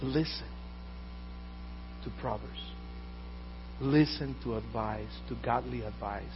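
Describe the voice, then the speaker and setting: A man in his fifties preaching a sermon as pastor, swinging between loud emphatic lines and quiet asides. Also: mid-range voice, slow. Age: 50s. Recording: dull lo-fi audio with faint mains hum.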